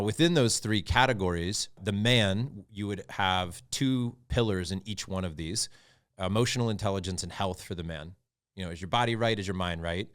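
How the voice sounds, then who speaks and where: Middle-aged man, low voice, candid interview guest who tells stories earnestly and reflectively. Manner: earnest and reflective, animated when recounting stories. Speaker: podcast guest, founder of a fathers' group. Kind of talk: candid conversational storytelling.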